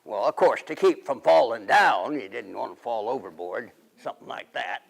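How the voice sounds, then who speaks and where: A man playing a gravelly 1880s riverboat man. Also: medium pitch, expressive, normal speed. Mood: folksy. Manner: folksy, rambling storyteller. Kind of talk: period character monologue.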